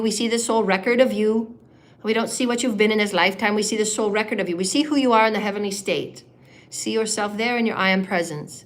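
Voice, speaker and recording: Speaking in a fairly high pitch, a female spiritual healer guides a live meditation. She moves from gentle, unhurried directions to bursts of fast, rhythmic chanting.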